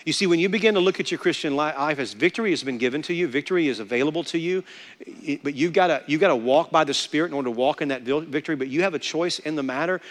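A man's voice: fairly high pitch, quick pace, in a large hall. A man preaching a sermon as pastor, emphatic and repeating words for stress.

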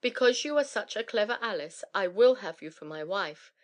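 A woman's voice: mid-range voice, lively intonation, normal speed, close to an everyday voice. A woman reading a plain-spoken young bridegroom. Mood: matter-of-fact. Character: practical young bridegroom, pleased with himself. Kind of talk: storybook reading.

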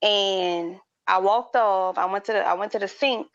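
Her voice sits at medium pitch with fairly even intonation and a normal speed. She's a podcast co-host recounting a story through loose, slangy chat, performing the people involved, captured in a dry, slightly dull recording.

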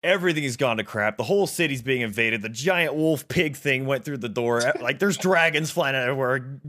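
A man's voice: medium pitch, fairly quick, pushed and bright. A man chatting eagerly about films as a podcast co-host, rambling with lots of fillers. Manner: enthusiastic, rambling with many fillers. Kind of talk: casual film discussion.

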